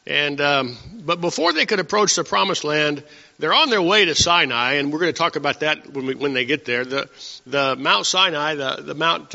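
A man's voice: a little high, gravelly, sharp tone. A man preaching a conversational sermon, teaching from scripture and asking his listeners rhetorical questions. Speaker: pastor. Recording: dull sound with long hall reverb.

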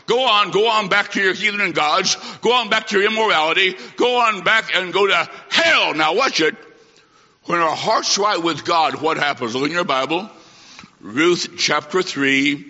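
A high-pitched male preacher with a very bright, forceful voice delivers a fiery sermon. He swings between shouted declarations and quiet asides. The recording is dull and lo-fi, with a long reverb from a large hall. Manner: emphatic, swings from loud to hushed.

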